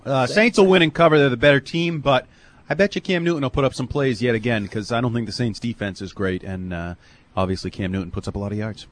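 Brief: mid-pitched male panelist, measured reasoning, casual sports talk. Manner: reasoned, trails off quietly at phrase ends. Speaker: football picks panelist.

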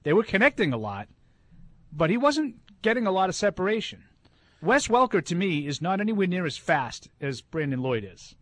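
A man on a sports talk show, debating casually, with halting restarts that turn into emphatic points. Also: high-pitched, big pitch swings, dry recording. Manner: hesitant restarts, then emphatic.

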